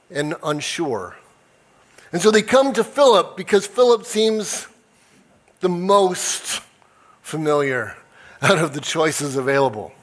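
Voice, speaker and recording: A male pastor preaching a conversational sermon, acting out quoted voices as he tells the story. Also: sits high. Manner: self-described nerd, conversational.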